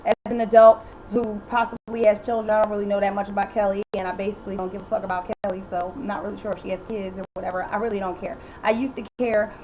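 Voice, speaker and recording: A woman's voice: mid-range voice, little pitch movement, darkish tone, a little hiss or hum, low-quality recording. Blunt, exasperated woman ranting. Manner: blunt, exasperated, sarcastic, swears freely; acts out others' lines in quick quoted voices. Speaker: reality TV recap vlogger. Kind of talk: casual ranting recap.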